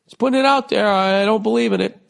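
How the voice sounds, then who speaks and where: A man voicing a falsely innocent, overly insistent girlfriend in a high, mocking falsetto. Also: quick pace, creaky, fairly bright tone, full character voice.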